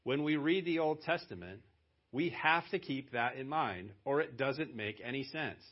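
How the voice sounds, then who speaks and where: A man preaches a sermon in church as pastor, his medium-pitched voice expressive and moderately paced. He talks conversationally, then presses hard on key words for emphasis, and the recording is dull, lo-fi church audio.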